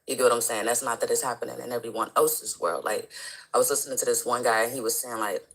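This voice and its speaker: A man's voice: mid-range voice, fairly even intonation, fast talker, a bit bright, rough recording. Rambling, reflective man on a live stream. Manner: reflective, rambling with many fillers. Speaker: guest speaker on a live stream. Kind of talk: casual live-stream chat.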